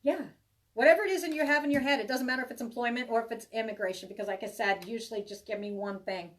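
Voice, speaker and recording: A woman's voice: on the high side, fast, far from the mic. A woman giving a live tarot reading to viewers, chatty and reassuring, rambling with many restarts. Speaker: tarot reader.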